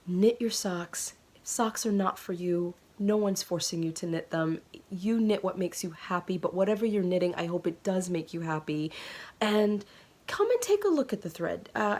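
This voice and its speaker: Woman, knitting vlog host; earnest, chatty, emotional, lots of ums, middle pitch. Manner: warm, earnest and emotional, with many ums and soft laughs. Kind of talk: casual chat to camera.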